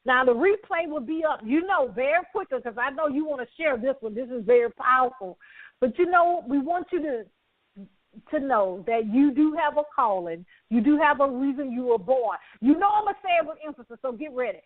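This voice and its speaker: A woman's voice: high-pitched, lively intonation, brisk, no echo. A woman hosting a talk show, speaking with effusive, repeating enthusiasm and frequent laughs. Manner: effusive, repetitive, laughs often. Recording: dry, tinny phone-like audio.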